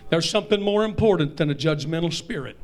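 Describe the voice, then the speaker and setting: A man, preaching a Pentecostal-style sermon as pastor, repeating lines and rising to shouts. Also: fairly high pitch, animated, quick pace.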